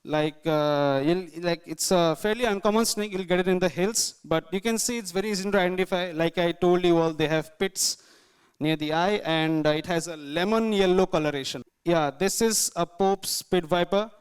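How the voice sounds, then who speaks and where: A man's voice: high-pitched, moderate pace, smooth. A man giving a guest lecture, walking through slides in an informal, explanatory way with frequent fillers. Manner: informal, explanatory, many fillers like "like" and "you know".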